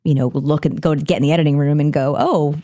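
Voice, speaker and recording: A woman's voice: low voice, level tone, fast, mellow, dry recording, clean studio sound. A woman guest on a podcast interview with a sing-songy, Valley-girl sound, chatting loosely with many restarts. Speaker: guest, actor-director.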